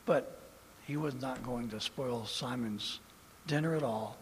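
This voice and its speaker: A man preaching a sermon as pastor, animated and swinging from loud emphasis to hushed tones. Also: medium pitch, measured pace, in a large hall, slight background noise.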